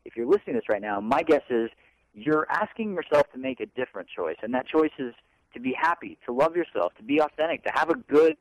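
A man's voice: mid-range voice, sing-song, fast talker, no echo, low-quality recording. A man co-hosting a self-help talk show, rambling earnestly and acting out his own inner thoughts. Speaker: co-host.

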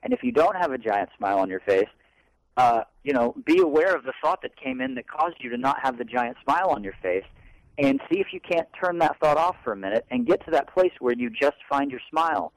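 Male co-host, earnest and rambling, plays out his inner voices; middle-pitched, dry sound. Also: sing-song, a little fast, no room sound, rough recording. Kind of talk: casual self-help talk show.

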